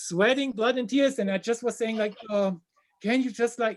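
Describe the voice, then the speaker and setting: Animated man telling a story. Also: extremely high pitch, normal speed, background noise. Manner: animated storyteller, drops to a hushed voice for embarrassing moments. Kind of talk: casual storytelling.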